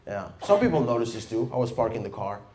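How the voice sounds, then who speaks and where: A young man with a Venezuelan Spanish accent doing a stand-up set in a deadpan, mumbling, self-deprecating way. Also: medium pitch, fast. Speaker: stand-up comedian. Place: comedy club stage with audience. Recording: roomy club sound with faint noise.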